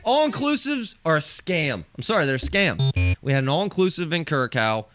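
A man co-hosting a casual podcast, telling ranting stories and shouting out his own quoted complaints. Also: on the high side, brisk, faint music behind. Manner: animated ranter, shouting when acting out his own quotes. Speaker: podcast co-host. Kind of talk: casual chat, ranting storytelling.

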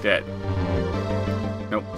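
A man giving jokey, crude, excitable commentary while playing a video game. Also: very slow. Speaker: let's play commentator. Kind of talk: casual gameplay commentary. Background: game music.

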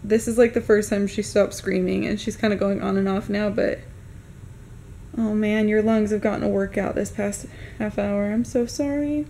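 A young woman narrating a casual family vlog to camera, chatty and candid with quick run-on asides. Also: mid-range voice, steady tone, mellow, a little hiss or hum. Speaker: family vlogger.

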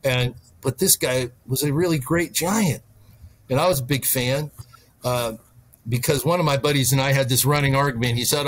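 A man's voice: medium pitch, normal speed, a bit bright. A middle-aged man, a wine specialist, chatting as a guest and telling long anecdotes, with frequent restarts. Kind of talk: storytelling interview chat.

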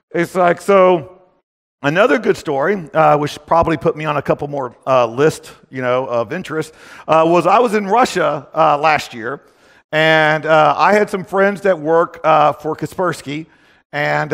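Guy telling stories on stage, joking and rambling, gravelly higher voice, big hall echo. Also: a bit bright. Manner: rambling, constant filler phrases, joking. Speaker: conference speaker. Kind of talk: casual storytelling talk. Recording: long reverb of a conference hall.

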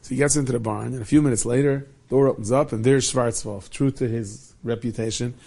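Dark-voiced man telling a story. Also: medium pitch, fairly quick, creaky, slightly rough. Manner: animated storyteller, Yiddish and Hebrew words. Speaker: rabbi and storyteller. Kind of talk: storytelling talk.

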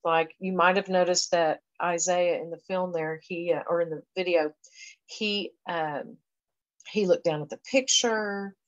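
A woman's voice: fairly low pitch, fairly even intonation, measured pace, no room sound, dull audio. A woman education professor giving a conversational recorded lecture, explaining things step by step with frequent fillers. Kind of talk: recorded lecture walking through a reading assessment.

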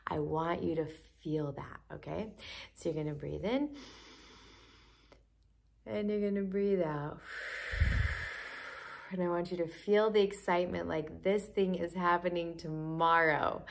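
A woman coaching listeners through a guided breathing practice, with gushing, excited encouragement and frequent drops into a breathy whisper. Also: fairly low pitch, measured pace, pauses often, slight background noise. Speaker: manifestation coach.

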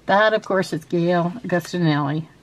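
A woman with a fairly low voice talks at a moderate pace. As a craft vlogger, she casually presents her handmade journal with frequent ums and false starts, then switches to reading quiz questions out loud.

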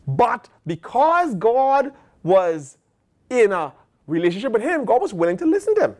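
A man's voice: extremely high pitch, sing-song, moderate pace, darkish tone. A man with an American accent, a pastor preaching a sermon and acting out the voices of God and the prophets.

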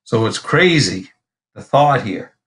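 A pastor teaching from the Bible in a relaxed, conversational way, reading verses aloud and pausing often with fillers and restarts. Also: male voice, medium pitch. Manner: casual and halting, many fillers and restarts; reads scripture aloud.

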